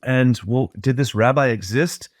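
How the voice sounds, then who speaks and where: A man's voice: medium pitch, a little slow, dry recording, clean studio sound. A middle-aged man, a podcast guest, earnestly and reflectively retelling a personal story in conversation.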